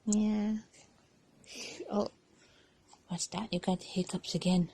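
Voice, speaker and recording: A woman as a mother talking to her baby in gentle, sing-song baby talk at home. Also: mid-range voice, flat delivery, slow, long pauses, slight background noise.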